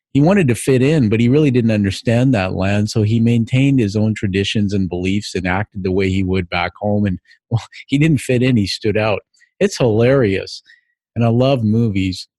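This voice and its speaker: A man's voice: lowish voice, warm tone, no room sound, studio quality. A man in his fifties with a Canadian accent, hosting a podcast and telling his own story in an earnest, reflective way. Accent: Canadian English. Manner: earnest, reflective, with light laughs. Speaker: podcast host. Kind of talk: personal narrative monologue.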